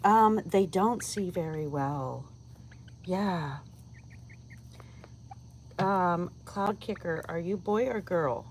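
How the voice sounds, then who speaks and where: A woman's voice: on the low side, extremely slow, pauses often, darkish tone, a little hiss or hum. A woman chatting casually on a livestream outdoors at night, cooing to her chickens and dropping to a whisper at times. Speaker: vlogger feeding backyard chickens on a livestream. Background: crickets and insects at night.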